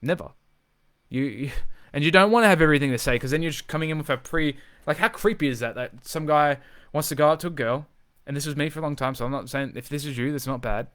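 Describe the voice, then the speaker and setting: A man speaking as a social confidence coach in an unscripted live video, energetic and emphatic, swearing freely and repeating phrases for emphasis. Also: fairly high pitch, fast, no room sound.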